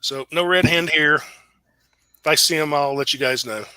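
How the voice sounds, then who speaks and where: A man's voice: on the high side, normal speed, pushed and bright, clean tone, dry recording. A man doing an unbothered balding landlord type. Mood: offhand. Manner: offhand, shrugging replies. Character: balding middle-aged man, indifferent and unbothered.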